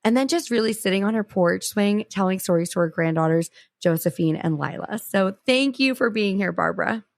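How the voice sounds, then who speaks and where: A woman hosting a podcast, introducing her guest with excitable, gushing chat and calling her listeners y'all. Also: mid-range voice, fairly quick, vocal fry, hardly any pauses, dry recording, studio quality. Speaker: podcast host. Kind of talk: casual chat.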